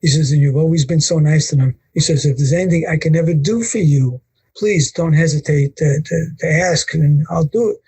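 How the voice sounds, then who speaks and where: An older man, his voice a touch high and husky. He recounts anecdotes in an interview, acting out what others said with lively energy. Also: brisk, poor audio. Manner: animated storyteller acting out quotes. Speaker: guest, wrestling photographer. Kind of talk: storytelling interview.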